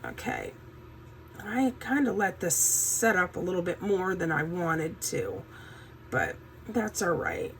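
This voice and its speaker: A woman's voice: on the low side, wildly swooping pitch, takes it slowly, fairly bright tone, slight background noise, poor audio. A woman hosting a casual crafting tutorial, chatty and folksy, with a groggy morning voice since she has just woken up. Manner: chatty, folksy, says "um" a lot. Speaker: craft channel host.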